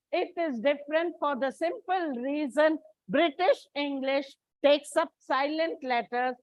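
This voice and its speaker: A woman's voice: high voice, a little mellow, dry recording, low-quality recording. A woman from India giving a classroom lecture as an English teacher, explaining step by step with frequent restarts and fillers.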